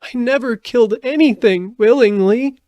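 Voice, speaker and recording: A man's voice: moderate pace, a little mellow, dry recording, muffled recording. A man doing a weeping little girl. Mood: sobbing. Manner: high, sobbing plea.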